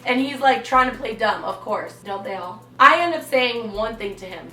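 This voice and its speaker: A woman in her twenties telling a personal story on her vlog, animated and dramatic, acting out quotes. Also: on the high side, moderate pace, distant mic. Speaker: vlogger. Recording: echoey room, away from mic.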